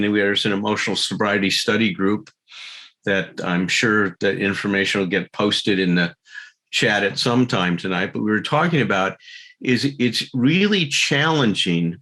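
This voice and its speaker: A man's voice: fairly low pitch, a bit bright. Earnest man giving a recovery talk. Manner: earnest, acts out quarrels in quoted voices. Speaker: recovery group speaker.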